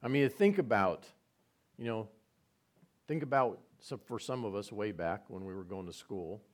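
A man's voice: fairly low pitch, lively intonation, moderate pace. A man preaching a conversational sermon, retelling scenes with repetition and side remarks. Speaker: pastor.

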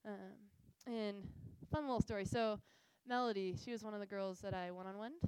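A woman's voice: mid-range voice, normal speed, clean tone, dry recording, low-quality recording. A young woman giving a casual, earnest faith talk to a group, telling stories with lots of fillers. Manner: earnest, animated storytelling with frequent fillers. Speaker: missions speaker.

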